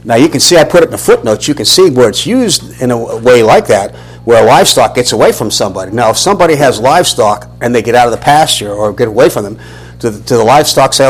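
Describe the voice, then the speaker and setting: A man's voice: medium pitch, fast talker, husky, rough recording. A man, teaching a Bible lesson as a sermon, questioning and restarting often. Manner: animated, questioning, many restarts.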